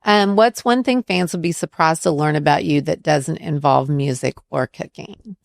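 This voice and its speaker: Low, gravelly woman co-hosting a podcast. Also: moderate pace, no echo, studio quality. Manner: asks questions, reacts eagerly. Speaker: podcast co-host. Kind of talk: casual chat.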